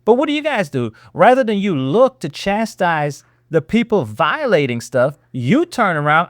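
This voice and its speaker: A man hosting political reaction commentary, his fairly high voice swinging up and down as he needles listeners with rhetorical questions. The delivery is sarcastic and animated. The recording is dry and close. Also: moderate pace, few pauses, dry recording. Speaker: host.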